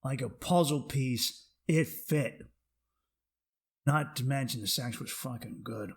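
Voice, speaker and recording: A man's voice: mid-range voice, takes it slowly, creaky, breathy edge. A man, a stand-up comic, hosting his podcast with a blunt, profane, rambling comedy monologue.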